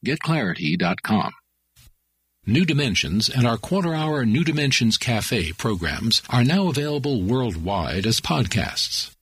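A man's voice: mid-range voice, a bit bright, husky, dry recording. A man reading a scripted sponsor announcement for a radio program.

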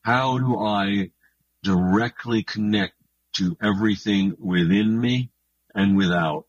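A man being interviewed on the radio about his books, talking in an earnest, thoughtful and unhurried way. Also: fairly low pitch, no echo, dull audio. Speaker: guest author.

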